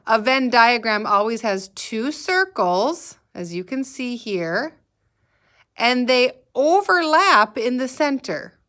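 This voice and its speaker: A female kindergarten teacher talks through a recorded math lesson at a gentle, unhurried pace. She prompts the children to say words back to her in a patient, encouraging way. Her voice sits at an ordinary middle pitch. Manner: slow, patient, sing-song prompting for children to repeat.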